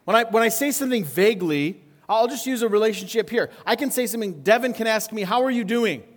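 Pastor, male, fairly high-pitched voice, casual sermon delivery with frequent questions to the audience. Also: fast. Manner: conversational, asks the congregation frequent questions.

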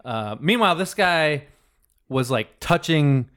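A man's voice: a little high, lively intonation, measured pace, fairly bright tone. A man telling a long story on a podcast, rambling with many fillers. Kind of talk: casual chat.

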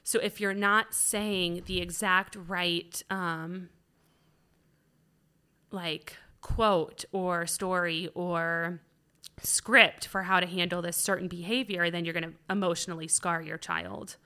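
Bright-voiced woman, rambling podcast chat. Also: lowish voice, fairly even intonation, slow, clean tone. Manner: rambling, full of "like" and "um". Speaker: podcast co-host. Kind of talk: candid conversational chat.

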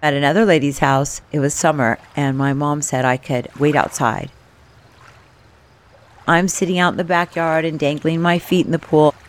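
A woman telling a first-person story from her childhood in a candid, wry, conversational way. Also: low voice.

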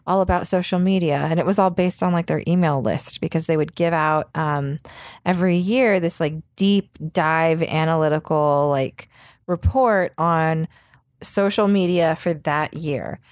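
A woman's voice: deep voice, measured pace, darkish tone, no echo, clean studio sound. A woman co-hosting a podcast in casual chat, rambling, laughing often and swearing freely. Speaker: podcast co-host.

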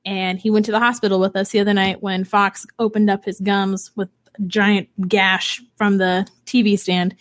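A young woman and single mother chatting casually as a podcast co-host, telling animated stories. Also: medium pitch, normal speed. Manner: chatty, animated storyteller with laughs. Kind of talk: casual chat.

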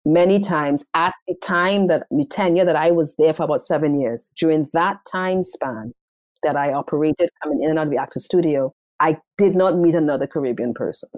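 A woman from Trinidad with a Trinidadian accent mixed with New York, a theater director telling her story in an interview with animated, repeating phrasing. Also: deep voice, a little fast, dry recording. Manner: animated, repeats words while finding them.

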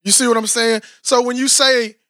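A Texas man co-hosting a podcast chats casually, in an animated, rambling, slangy way, frequently saying "you know what I'm saying." His voice is extremely high-pitched and moderately paced. The recording is dry, with clean studio sound.

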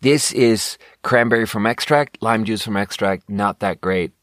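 A man's voice: lowish voice, a little slow, a bit bright, dry recording, clean studio sound. A young man hosting a casual talk show, telling rambling, jokey stories and swearing freely. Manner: rambling, profane, jokey storytelling. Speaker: podcast host reviewing sparkling water. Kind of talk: casual monologue.

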